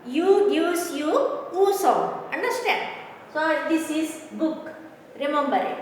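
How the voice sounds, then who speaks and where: A woman teaching pronunciation in a slow, repetitive classroom lecture, often checking if students understand. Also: high-pitched, lively intonation, a little hiss or hum. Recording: echoey classroom, voice from far off, faint ambience.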